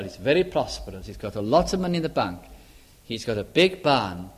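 A man preaching a sermon earnestly, repeating phrases for emphasis and pausing with frequent fillers. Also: medium pitch.

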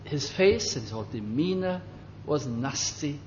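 An older man preaching and reminiscing gently, halting often as he recalls details, in a dull lo-fi recording. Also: a little high, lively intonation, slight background noise. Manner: gentle, halting, with many fillers and restarts. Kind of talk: reminiscing sermon.

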